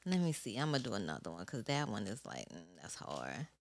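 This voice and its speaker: A woman's voice: a bass voice, big pitch swings, brisk, dry recording. A woman in casual chat, bantering playfully in slang and laughing often.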